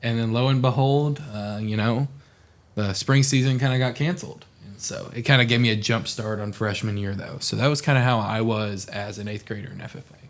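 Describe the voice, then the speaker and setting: Brief: young male podcast guest, from Oklahoma, lowish voice, animated casual storyteller. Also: fairly quick. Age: young adult. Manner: animated storyteller, acts out quoted people.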